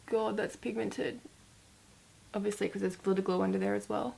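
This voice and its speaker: A woman's voice: medium pitch, fairly even intonation, normal speed, creaky, pauses often, dark tone. A young woman chats her way through a makeup tutorial. She talks casually and loosely, with plenty of filler words. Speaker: beauty vlogger.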